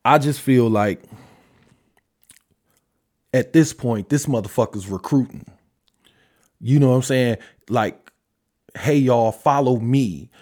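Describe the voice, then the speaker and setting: A podcast host rants casually and heatedly, speaking his mind in an emphatic, profane way at a slow pace with long pauses and a darkish tone. His pitch jumps sharply upward on the points he stresses, then trails off into sighs and low, weary mutters.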